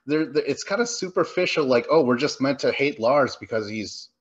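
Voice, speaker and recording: Husky, lively man chatting on a podcast. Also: medium pitch, moderate pace, highs cut off. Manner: rambling, animated, swears casually. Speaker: podcast co-host. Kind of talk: casual movie review chat.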